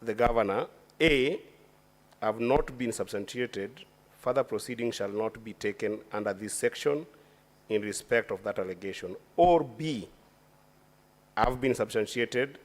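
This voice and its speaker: A man, a senator questioning a witness at a formal hearing in a deliberate, formal way, often restarting his phrases. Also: fairly low pitch. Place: committee hearing chamber.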